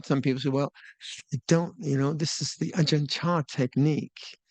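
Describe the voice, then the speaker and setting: An older man teaching meditation at a retreat, talking in a relaxed, musing way with small laughs and restarts. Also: mid-range voice, no room sound. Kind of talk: Dharma talk at a retreat. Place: retreat hall.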